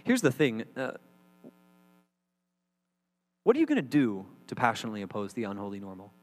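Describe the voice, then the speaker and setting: A middle-aged man preaching a sermon as a pastor, animated and jokey with mocking asides, recorded in a church hall. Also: fairly low pitch, rapid-fire. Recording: reverberant hall with mains hum.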